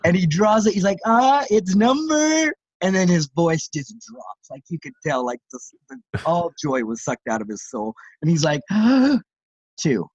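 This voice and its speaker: A middle-aged man co-hosting a podcast, telling a story in an animated way with lots of fillers and restarts. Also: a little high, moderate pace, husky, dry recording, highs cut off. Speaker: podcast co-host. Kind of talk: casual podcast chat.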